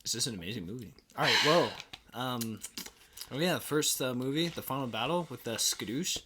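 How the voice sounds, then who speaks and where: A young man co-hosting a casual podcast, relaxed and easygoing in conversation. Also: medium pitch, brisk, background noise. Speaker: podcast co-host.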